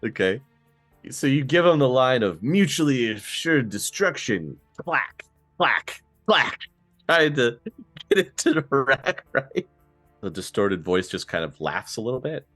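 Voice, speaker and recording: A man narrating a tabletop role-playing game as game master, relaxed and quick to laugh. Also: medium pitch, dry recording, soft background music.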